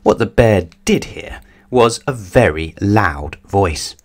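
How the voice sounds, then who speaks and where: A man's voice: low-pitched, animated, measured pace, a little mellow. A man reading a children's picture book aloud as a bedtime story, telling it expressively.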